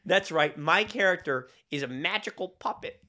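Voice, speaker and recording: A young man co-hosting a podcast, joking around and dropping to a hush for dramatic storytelling. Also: on the high side, expressive, moderate pace. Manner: jokey, drops to a hush for dramatic narration. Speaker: podcast co-host. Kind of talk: casual chat, playful storytelling.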